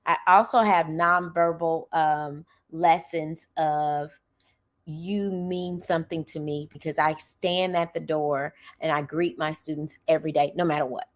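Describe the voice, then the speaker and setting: Woman, middle-aged, teacher, podcast host, casual monologue, earnest, emphatic, slightly low-pitched, keeps asking "okay?". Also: fairly even intonation, a little slow. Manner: earnest, emphatic, talks to the listener with frequent "okay?".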